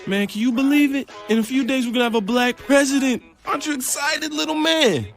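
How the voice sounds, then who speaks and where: A man voicing a pushy street hustler who sells souvenirs in an animated comedy. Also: extremely high pitch, brisk, soft background music. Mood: incredulous. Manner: hustling, loud, incredulous.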